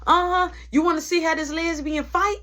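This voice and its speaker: A woman's voice: very high-pitched, fairly even intonation, moderate pace, pushed and bright, pitched above the performer's own voice. A woman voicing a tough, protective middle-aged mother who talks bluntly and gives orders. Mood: confrontational. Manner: blunt, confrontational, commanding.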